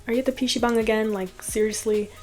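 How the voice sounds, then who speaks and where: A woman's voice: on the high side, fairly even intonation, fast, soft background music, close to an everyday voice. A woman voicing a kind, sweet middle-aged mother who fusses over her son. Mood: fussing. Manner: gentle, fussing.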